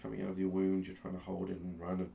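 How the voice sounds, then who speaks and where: A man narrating a tabletop game as game master, telling the story slowly and with suspense, often restarting his sentences. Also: deep voice, monotone, gravelly, warm tone, a little hiss or hum. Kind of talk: dramatic second-person narration of a tabletop game.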